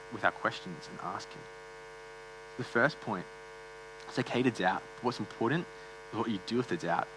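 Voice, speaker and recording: A man's voice: medium pitch, noisy background. A man preaching a sermon in a church, earnest and conversational, with frequent fillers and restarts.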